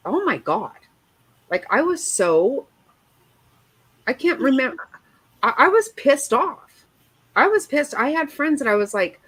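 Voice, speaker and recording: A woman's voice: high voice, very animated, unhurried, long pauses, fairly bright tone, slightly rough. An older woman and grandmother in casual chat, telling frank stories with plenty of swearing. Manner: frank, profane storytelling.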